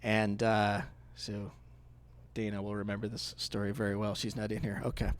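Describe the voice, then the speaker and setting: A man pastor preaching a sermon in a conversational, storytelling way, swinging between hushed asides and loud outbursts. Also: fairly low pitch, monotone, normal speed.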